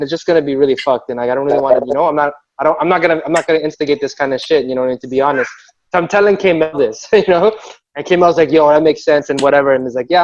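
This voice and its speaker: A man telling a story in casual chat on a video call, rambling and acting out quotes with laughter. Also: a little high. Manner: rambling, animated, acts out quotes with yelling and laughter. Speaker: b-boy crew member telling a story. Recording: muffled video call audio.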